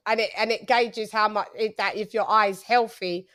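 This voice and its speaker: A woman hosting a casual chat, telling lively stories and acting out what people said. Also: medium pitch, moderate pace. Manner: animated, storytelling with quoted voices. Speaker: host.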